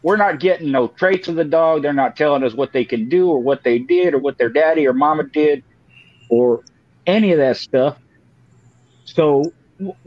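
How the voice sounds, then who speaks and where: Measured man, dull lo-fi sound. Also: a little high, no room sound. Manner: measured, explanatory, repeats points. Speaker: podcast co-host. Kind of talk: casual talk.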